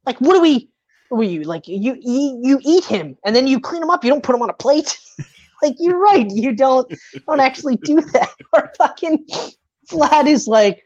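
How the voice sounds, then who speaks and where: A woman's voice: sits high, big pitch swings, moderate pace, darkish tone. A woman in casual chat who laughs often, swears freely and acts out lines from scenes. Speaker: movie fan chatting with a friend. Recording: slightly dull lo-fi recording.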